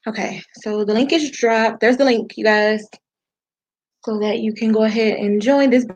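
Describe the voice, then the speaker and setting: A woman's voice: fairly high pitch, fairly even intonation, moderate pace, a little mellow. A woman hosting a livestream in casual chat from home, talking loosely with slang and laughing often. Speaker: livestream host. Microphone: computer mic on a live video call.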